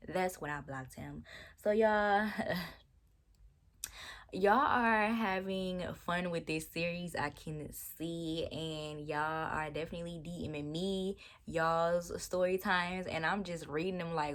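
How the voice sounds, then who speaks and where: Speaking directly to the camera, a young woman vlogger recounts a bad date in a casual storytime chat, full of exasperated disbelief and slang. Her voice is low for a woman, slow-paced, and chatty throughout.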